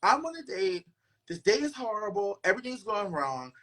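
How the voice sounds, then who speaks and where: A man hosting a casual podcast chat, talking in a loud, dramatic and sassy way. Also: sits high, very animated, normal speed. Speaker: podcast host.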